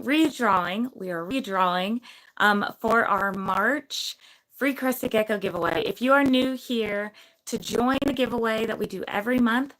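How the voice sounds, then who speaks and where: A young woman hosting a casual livestream giveaway, bubbly and chatty with lots of fillers, her voice a little hoarse from losing it. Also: fairly high pitch, fairly bright tone, rough recording.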